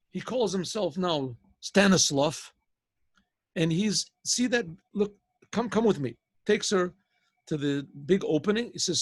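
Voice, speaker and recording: A man, a rabbi, telling a story in a loose, casual way, with restarts and frequent throat clearing. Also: high-pitched, expressive, measured pace, dry recording. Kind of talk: storytelling lesson.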